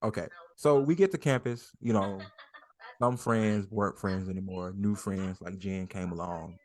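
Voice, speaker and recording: Profane animated man telling a story. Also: low-pitched, normal speed. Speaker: podcast co-host. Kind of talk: casual storytelling chat.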